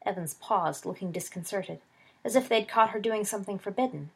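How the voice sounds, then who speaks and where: Brief: steady, soft woman audiobook narrator, husky tone. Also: mid-range voice, fairly quick. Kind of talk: storybook narration.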